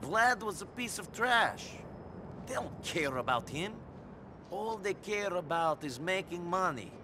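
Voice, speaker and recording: An actor playing a weary, blunt war veteran immigrant, talking in a dry, sardonic way. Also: male voice, high voice, expressive, unhurried, background noise. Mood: exasperated. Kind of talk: video game cutscene acting.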